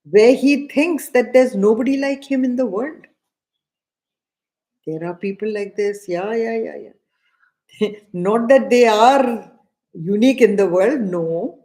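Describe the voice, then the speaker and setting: A middle-aged woman with an Indian English accent giving a spiritual discourse, deliberate and repeating key phrases, now and then chanting verses slowly. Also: mid-range voice, mellow. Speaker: scripture teacher.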